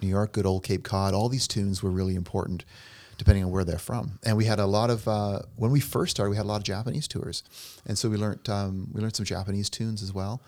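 A man's voice: lowish voice, darkish tone. A middle-aged man co-hosting a casual podcast, a chatty, jokey storyteller who rambles. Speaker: podcast co-host and pianist. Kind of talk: casual chat.

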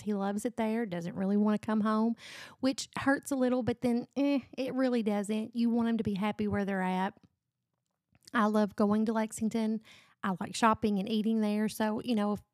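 A woman's voice: mid-range voice, darkish tone, dry recording, studio quality. A middle-aged woman hosting a book review podcast, chatting casually and gushing about the books she loves. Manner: gushing, enthusiastic.

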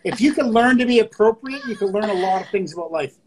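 A man's voice: high voice, animated, quick pace, a little hiss or hum. A man in his thirties co-hosting a casual chat, speaking earnestly and steadily with occasional swearing. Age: 30s. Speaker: co-host of a poetry show.

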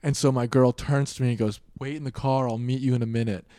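A young man in his twenties telling wild party stories in casual chat, swearing a lot and acting out quotes loudly. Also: mid-range voice, steady tone, fast talker, no echo, studio quality.

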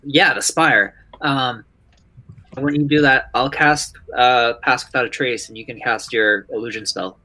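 A man's voice: medium pitch, unhurried, bright, forceful tone, no room sound, low-quality recording. A man playing a tabletop game, talking eagerly and rambling with fillers. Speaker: player. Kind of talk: tabletop role-play.

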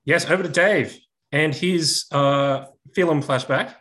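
A man's voice: fairly high pitch, takes it slowly, fairly bright tone. A man co-hosting a casual podcast, easygoing with brief remarks. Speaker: podcast co-host. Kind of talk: casual chat.

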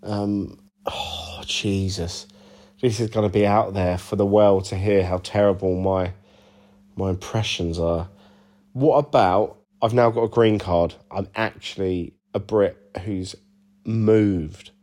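A man with a low, mellow voice chats loosely through interview answers. He rambles, swears freely and pokes fun at himself, full of casual asides. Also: fairly even intonation, takes it slowly. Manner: rambling, sweary, self-deprecating banter. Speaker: band bassist and lead vocalist, interview guest.

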